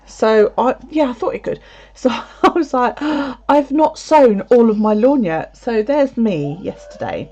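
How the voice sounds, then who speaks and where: Here a woman vlogger with a mid-range, darkish voice talks casually to her viewers on a live chat. She's chatty, swears without restraint, and laughs often, all captured in dull lo-fi audio.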